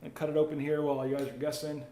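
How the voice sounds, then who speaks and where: A man's voice: a little high, level tone, very fast, mellow. A man hosting a live card break, chatting casually while opening packs and reading out viewer comments. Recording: roomy echo, faint ambient noise.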